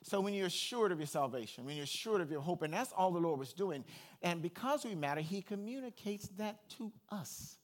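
Animated male preacher, high and lively. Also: a little fast. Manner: animated, addresses the congregation directly. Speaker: pastor. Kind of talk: sermon.

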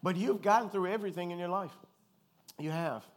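A man from Louisiana, a pastor, preaching in a conversational, animated way with joking asides and calls for the congregation to respond. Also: sits high, fairly quick. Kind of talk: conversational sermon.

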